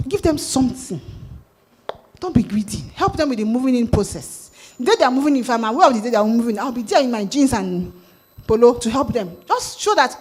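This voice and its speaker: A woman with a Nigerian accent giving a sales talk at a conference, lively and asking the audience questions. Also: a little high, brisk, husky. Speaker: conference speaker. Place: conference hall.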